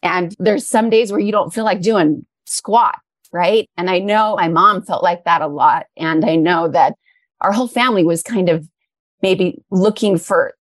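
A woman's voice: fairly low pitch, a little slow, no echo. Middle-aged woman guest talking from the heart, kinda emotional, dry close sound. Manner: earnest and heartfelt, a little emotional. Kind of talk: interview conversation.

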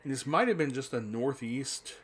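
A man in his fifties from New Jersey, USA, rambles nostalgically through a casual spoken monologue, restarting himself and cursing now and then. His voice is medium-pitched and expressive with a breathy edge, at a moderate pace.

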